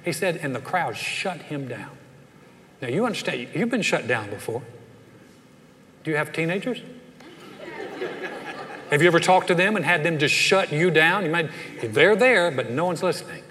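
A man's voice: fairly high pitch, normal speed, long pauses. A middle-aged man from the Southern United States, preaching a sermon full of stories and acting out the people in them. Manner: animated, acts out voices in anecdotes. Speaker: pastor. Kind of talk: sermon with storytelling. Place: church sanctuary. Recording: long hall reverb.

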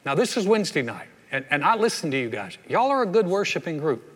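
Older pastor, folksy chatty sermon, bit high voice, long church hall echo. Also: male voice, very animated, fast, a bit bright, breathy edge. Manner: folksy, conversational preaching with playful asides.

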